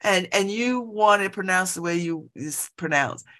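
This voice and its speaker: A woman in middle age chats casually from her home, sitting by an open window. Her voice sits on the low side but moves around a lot, rising and falling as she talks. She laughs often and keeps breaking off into animated asides. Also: a little slow. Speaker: vlogger. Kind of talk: casual monologue.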